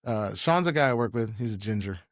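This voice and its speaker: A man's voice: fairly low pitch, expressive, a little fast, no room sound, clean studio sound. A young man talking as a podcast guest in a casual chat, blunt and rambling, swearing freely.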